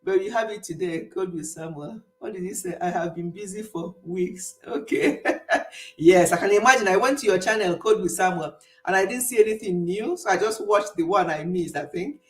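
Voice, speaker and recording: A woman's voice: mid-range voice, brisk, roomy sound, rough recording. A middle-aged woman hosting a casual live stream, chatting, reading comments and laughing often.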